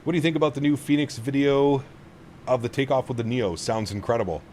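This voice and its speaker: A man's voice: medium pitch, fast, a little mellow, slight background noise. A man streaming a flight simulator, chatting casually with his viewers and cooing at his dog. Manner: chatty, reads chat aloud, coos at his dog. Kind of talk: casual live-stream chat.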